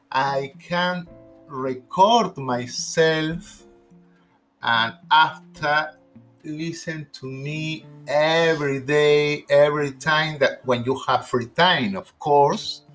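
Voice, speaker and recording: A man with Spanish as his first language speaks very slowly and hesitantly, choosing his words with care. His voice sits a little high for a man. Faint music plays underneath him. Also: a bit bright, low-quality recording. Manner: slow, halting, careful non-native phrasing. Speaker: English learner in a conversation. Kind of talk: casual conversation.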